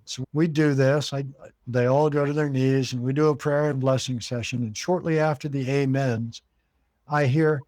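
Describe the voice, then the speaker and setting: With a dry recording and a mid-range, darkish voice at normal speed, this guest describes the haunted cabin he owns in a long story. He's American and re-enacts conversations, voicing what other people told him.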